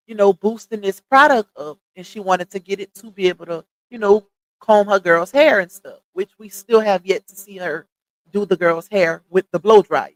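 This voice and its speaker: A woman's voice: medium pitch, no echo, poor audio. A woman hosting a late-night livestream, chatting casually and addressing viewers directly as she gossips. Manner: chatty, talks straight to viewers with "y'all" and "child". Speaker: livestream host.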